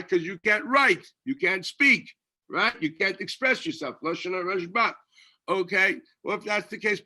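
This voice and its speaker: A man teaching a yeshiva Talmud class as a rabbi, animated, firing off rhetorical questions and often restarting his sentences. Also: high-pitched.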